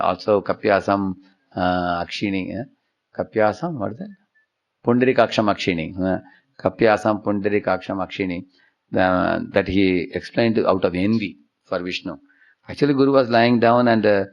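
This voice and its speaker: Low, gravelly lecturer. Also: male voice. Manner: storytelling, with frequent tag questions. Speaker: spiritual teacher. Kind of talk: devotional lecture. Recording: dull lo-fi sound.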